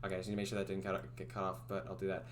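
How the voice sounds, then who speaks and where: A woman's voice: a bass voice, monotone, very fast. A woman game developer chatting casually on a livestream, giggling and rambling through restarts. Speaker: streamer and indie game developer.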